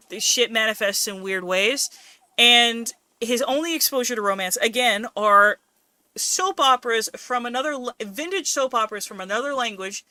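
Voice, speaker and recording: A woman's voice: fairly high pitch, pushed and bright, no room sound. A woman streaming a game, ranting casually and swearing a lot in exasperation. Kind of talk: casual let's-play commentary.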